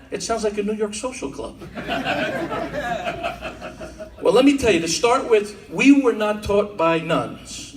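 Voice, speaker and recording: Performing stand-up on a comedy club stage, this high-voiced man spins wisecracking stories and drops into mock-tough Italian-American routines. The sound is roomy and distant, picked up over audience laughter and the general club ambience.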